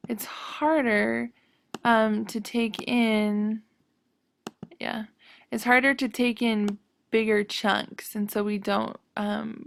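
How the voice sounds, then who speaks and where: Slow, hesitant woman with a gravelly voice. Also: a little high. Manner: hesitant, many ums, thinks aloud while clicking. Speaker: web design instructor. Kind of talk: screen-recorded tutorial.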